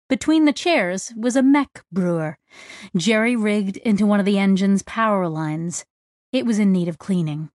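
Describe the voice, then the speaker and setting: A woman narrating a novel in a measured, descriptive way on a close studio mic. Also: medium pitch, darkish tone, dry recording. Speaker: audiobook narrator. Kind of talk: scripted narration.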